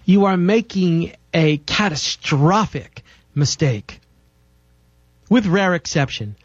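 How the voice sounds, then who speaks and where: A man's voice: a little high, expressive, takes it slowly, no echo, dull audio. A man hosting a health talk show, lecturing listeners in an emphatic, insistent way with a lot of repetition. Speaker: radio show host.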